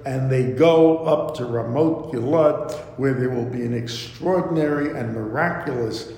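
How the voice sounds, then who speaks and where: A man teaching a scripture class, slowly reading Hebrew verses aloud and then explaining them in English. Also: vocal fry, warm tone. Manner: slow, deliberate explaining, reads Hebrew verse then translates. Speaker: Torah teacher. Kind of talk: lecture on scripture. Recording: echoey hall with faint rumble.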